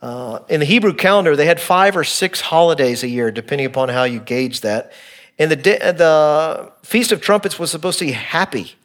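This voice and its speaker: A pastor preaching in a fairly high male voice, middle-aged and earnest. He moves between emphatic points and quiet, hushed stretches as he explains a text. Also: expressive, normal speed. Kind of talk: expository sermon.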